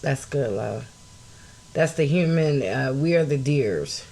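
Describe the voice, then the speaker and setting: Woman, podcast host, angry rant, blunt, swearing, shouts at peaks, greets viewers. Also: very deep voice, lively intonation, slow pace. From United States. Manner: greets live chat viewers mid-talk. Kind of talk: impassioned solo podcast talk.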